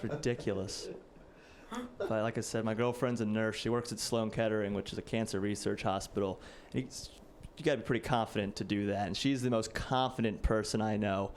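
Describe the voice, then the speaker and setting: A man's voice: medium pitch, fairly quick, noisy background. A man in his late twenties doing a casual, self-deprecating stand-up set, peppered with "like.". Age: late 20s. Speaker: stand-up comedian. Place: stage before a live audience.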